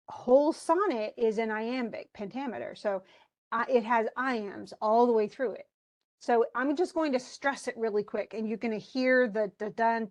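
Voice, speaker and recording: A woman instructor giving an online class lecture over a computer mic, talking conversationally with many restarts and check-ins with the students. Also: a little high. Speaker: college English instructor.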